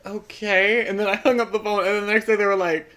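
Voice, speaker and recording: A man's voice: high voice, steady tone, fairly bright tone. A man hosting a podcast in casual chat, campy and chatty, telling stories with plenty of slang. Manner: chatty and campy, quick to laugh. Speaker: podcast host.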